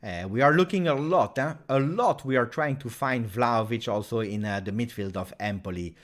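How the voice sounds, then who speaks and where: A man with an Italian accent hosting a live football reaction stream, excitable, chatting with viewers and bursting into loud cheers. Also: mid-range voice, normal speed. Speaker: live match reaction host.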